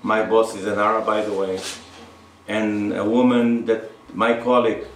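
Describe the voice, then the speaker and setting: A man's voice: on the low side, flat delivery, normal speed, a little hiss or hum. Man, middle-aged, farmer, blunt and rambling, roomy and far from the mic. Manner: blunt and rambling, with frequent restarts and laughs. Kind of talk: casual explanation to visitors. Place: outdoors on a farm.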